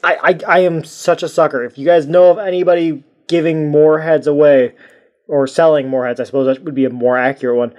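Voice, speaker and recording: A man's voice: a little high, steady tone, brisk, a little mellow, highs cut off. A man giving a casual toy review, rambling and joking at his own expense. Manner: rambling, jokey and self-mocking.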